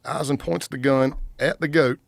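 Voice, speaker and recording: A man in his fifties, a retired undercover agent and podcast guest, telling a story in an animated way and acting out what the other people said. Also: mid-range voice, normal speed, vocal fry, no room sound.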